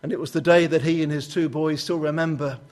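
A man preaching a sermon, telling stories and voicing prayers with sudden lifts in pitch. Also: steady tone, quick pace, a little mellow. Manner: storytelling, rising sharply when quoting prayers.

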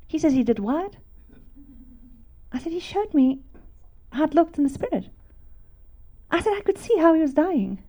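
A middle-aged woman from South Africa preaching a testimony sermon, animated and laughing, swinging from loud to hushed. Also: high-pitched, measured pace, pauses often, a faint crowd.

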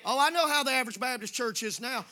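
A man preaching in church, folksy and conversational, swinging from hushed asides to shouting. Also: very high voice, fast. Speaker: pastor. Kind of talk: sermon. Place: church sanctuary.

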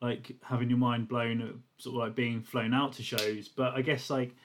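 A man's voice: mid-range voice, little pitch movement, normal speed, a little hiss or hum. Guy interviewing a band member, mid voice, rambly questions full of likes. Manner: long rambling questions with many fillers. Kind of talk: casual interview.

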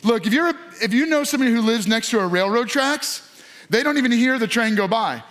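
Pastor, male, 30s, high voice, chatty storytelling sermon. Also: animated, brisk, fairly bright tone. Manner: casual storytelling with acted quotes.

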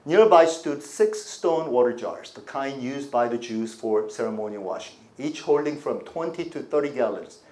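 A man preaching a sermon as pastor, with animated delivery and congregation call-and-response. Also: medium pitch, moderate pace, hardly any pauses.

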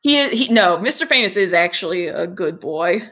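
A woman co-hosts a casual anime recap podcast, chatting away with lots of fillers and frequent laughter. Her voice is lowish and fairly bright, with lively intonation at a normal speed.

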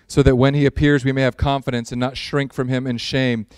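A male pastor preaching a sermon in a church, opening with a prayer, animated with sarcastic asides and acted-out quotes. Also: medium pitch, fairly quick, smooth, no echo, studio quality. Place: church sanctuary.

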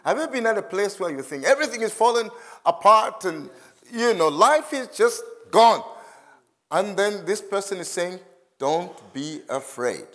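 A man's voice: sits high, lively intonation, unhurried, a bit bright. A man preaching a sermon as a visiting speaker, chatty and self-deprecating, reading scripture aloud to a church congregation.

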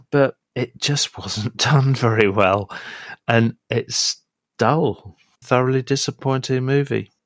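A man giving a pre-recorded film review in an earnest, measured way. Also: mid-range voice, creaky, dry recording, studio quality.

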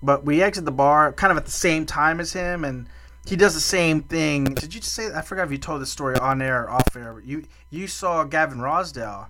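A man's voice: a little high, brisk, sharp tone, slight background noise. A man co-hosting a podcast, chatting casually and telling rambling stories full of restarts. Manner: rambling storyteller, lots of restarts and fillers. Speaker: podcast co-host. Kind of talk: casual chat.

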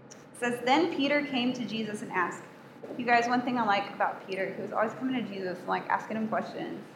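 A woman's voice: a little high, background noise. A woman giving a casual sermon, talking easily and asking the group questions as she teaches. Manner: chatty, asks the room questions. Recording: echoey room with faint ambience.

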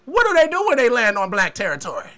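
A man hosting a podcast, telling profane, animated stories in casual chat and laughing often. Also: very high-pitched, fast, heavy background noise. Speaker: podcast host.

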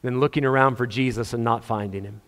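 A man preaching a sermon, telling the story with animated, acted-out scenes. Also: mid-range voice, fast talker. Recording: long hall reverb.

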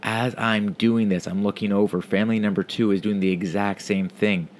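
A man's voice: fairly low pitch, fairly even intonation, normal speed, slight background noise. A man telling a rambling, profane story about his vacation in a casual monologue.

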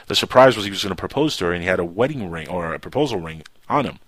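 A man hosting a podcast and telling a long story in casual chat, rambling and animated. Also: sits low, racing, no echo. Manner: rambling, animated, keeps saying "check this out". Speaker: podcast host.

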